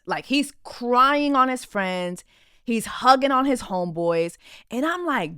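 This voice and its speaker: A woman's voice: medium pitch, expressive, slow pace, pushed and bright, clean tone, dry recording, studio quality. A woman podcast host giving blunt, indignant reaction commentary on a reality show clip in a casual, conversational way.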